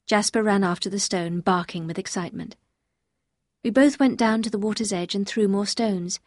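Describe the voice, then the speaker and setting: A woman reading a novel aloud as first-person narrator, in a clear, measured storytelling manner. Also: mid-range voice, no room sound, clean studio sound. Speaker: audiobook reader.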